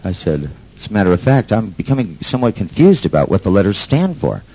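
A man's voice: fairly low pitch, sing-song, quick pace, warm tone, low-quality recording. A man telling a story to an audience in a brash, sardonic way, swearing freely. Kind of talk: profane storytelling talk.

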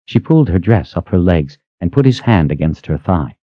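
A man narrating an audiobook in a measured, even storytelling manner, close to the mic. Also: sits low, no room sound, dull audio. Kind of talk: scripted narration.

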